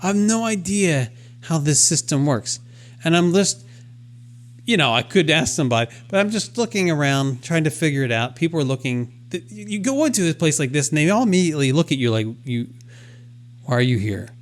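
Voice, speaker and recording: A man with a somewhat high voice co-hosts a casual podcast. He tells his story in an animated, self-deprecating way and voices his own inner thoughts as he goes. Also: brisk. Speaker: podcast co-host. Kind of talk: casual chat.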